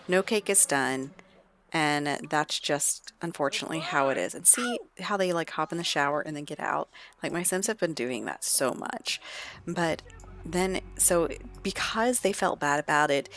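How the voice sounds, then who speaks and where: Chatty low-voiced woman gaming. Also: a bit bright, soft background music. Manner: chatty, fast, exclaiming. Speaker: let's play narrator. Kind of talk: casual gameplay commentary.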